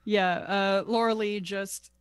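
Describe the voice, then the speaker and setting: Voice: medium pitch, little pitch movement, slow, clear, resonant tone, dry recording, studio quality. A player in a casual tabletop game, talking hesitantly with many fillers and small laughs. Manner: hesitant, filler-heavy, giggly.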